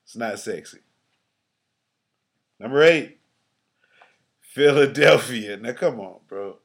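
A man with a mid-range voice speaks slowly while co-hosting a casual comedy podcast. His talk is loose and profane, he laughs often, and he stammers his way into his points.

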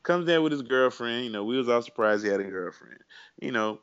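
A man's voice: mid-range voice, lively intonation, a little fast, fairly bright tone, clean tone, dry recording. Man, podcast co-host, rambling storyteller, muffled lo-fi, dry. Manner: rambling, many "you know" fillers. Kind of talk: casual chat, storytelling. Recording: dull dry lo-fi audio.

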